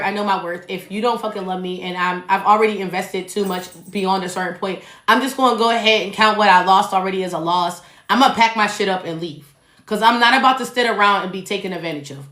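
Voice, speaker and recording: A young woman hosts a solo podcast in a blunt, animated voice and swears freely. She talks straight to her listeners. Her voice rings a little in an echoey room. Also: medium pitch, brisk. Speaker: podcast host. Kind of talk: casual solo podcast monologue.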